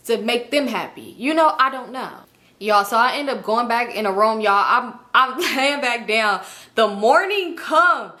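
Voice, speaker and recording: A young woman telling a casual storytime vlog story, animated and profane, acting out other people's lines and dropping to near-whispers for her own thoughts. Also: on the high side. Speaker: storytime vlogger.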